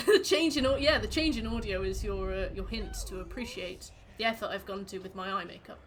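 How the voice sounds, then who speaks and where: A woman's voice: mid-range voice, fairly quick, a little hiss or hum. A woman streaming a game, chatting casually with her viewers in a rambling, playful way. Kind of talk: casual chat while gaming.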